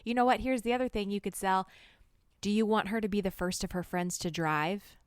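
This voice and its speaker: A woman co-hosting a podcast in casual chat, quick with asides and laughing easily. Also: medium pitch, smooth, no room sound, studio quality. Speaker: podcast co-host.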